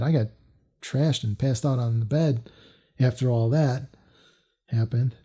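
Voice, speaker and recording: A man's voice: medium pitch, measured pace, long pauses, warm tone, husky. A man telling a personal story to camera in a loose, casual way, full of fillers and restarts. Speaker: storytelling vlogger.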